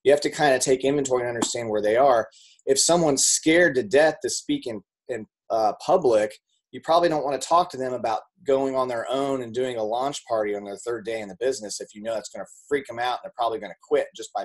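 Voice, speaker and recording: A man giving a casual motivational talk to a group, talking conversationally with many fillers and repeats, and acting out quoted people with sudden jumps in pitch. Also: fast talker. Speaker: speaker on network marketing.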